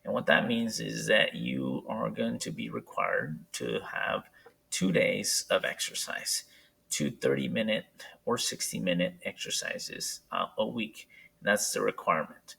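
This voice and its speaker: Man, PE teacher, gravelly husky voice, relaxed explaining, fillers. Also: fairly low pitch, measured pace, low-quality recording. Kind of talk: recorded homework instructions.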